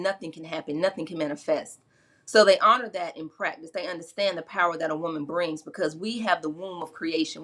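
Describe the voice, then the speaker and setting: A woman's voice: sits low, fairly bright tone. A middle-aged woman, a spiritual practitioner, earnestly retelling sacred myths in casual conversation. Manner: earnest, retells myths and slips into quoted voices.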